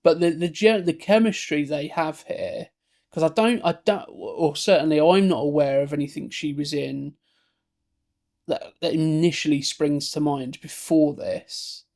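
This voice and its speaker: A man co-hosting a film podcast, rambling along in relaxed chat. His voice sits a touch high and has a gravelly, fry-heavy edge. He keeps circling back with fillers and restarts. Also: unhurried. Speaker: podcast co-host. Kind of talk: casual film discussion.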